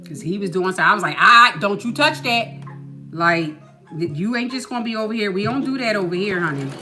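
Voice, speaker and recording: A woman vlogger with a mid-range, slightly bright voice chats casually and animatedly, talking fast. She tells stories full of asides while music plays in the background.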